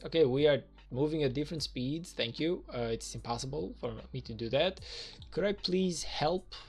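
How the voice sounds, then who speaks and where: A man's voice: on the high side, normal speed, faint music behind. A man streaming a strategy game, ranting in casual commentary with lots of fillers and swearing. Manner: exasperated, rambling, swears, many fillers.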